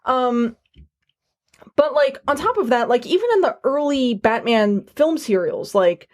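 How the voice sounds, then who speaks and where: A woman's voice: high-pitched, lively intonation, a little slow, darkish tone. A woman guesting on a podcast, chatty and knowledgeable, peppering her talk with "like". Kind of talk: casual chat.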